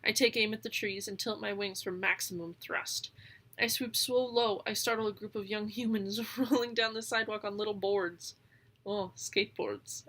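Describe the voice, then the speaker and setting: Woman reading a lively first-person story. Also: mid-range voice. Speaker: reader. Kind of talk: audiobook narration.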